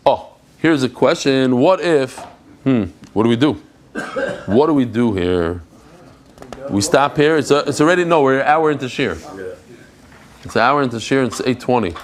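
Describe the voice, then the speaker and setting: A man teaching a live Talmud class, animated and chatty, joking with his guests. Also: mid-range voice, normal speed, pauses often.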